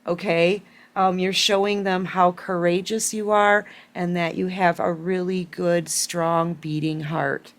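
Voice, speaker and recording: Slow-talking tearful woman tarot reader. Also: on the low side, little pitch movement. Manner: emotional, tearful, repeats phrases for emphasis. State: holding back tears. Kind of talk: collective tarot reading to camera.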